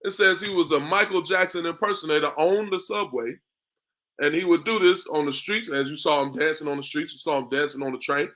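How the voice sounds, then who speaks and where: A man's voice: on the high side, brisk, sharp tone. A man preaching a street sermon to a class. He talks conversationally, drops in "man" and "bro", and keeps asking "you understand me?". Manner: repetitive, asks "you understand me?" often.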